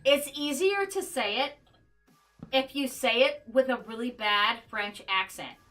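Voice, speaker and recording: A woman's voice: on the high side, unhurried, bright, forceful tone, faint music behind. A woman streaming a game and chatting casually with her viewers, joking as she plays. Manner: chatty, joking asides to chat. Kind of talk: casual gameplay livestream chat.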